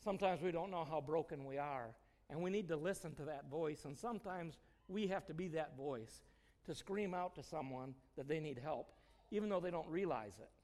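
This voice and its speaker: A middle-aged man with a fairly high voice gives a homespun sermon, spinning personal stories and chuckling as he goes. His voice carries a long reverb, as if heard through a church hall. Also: normal speed, a little mellow. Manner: folksy, storytelling, chuckles often. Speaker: church speaker.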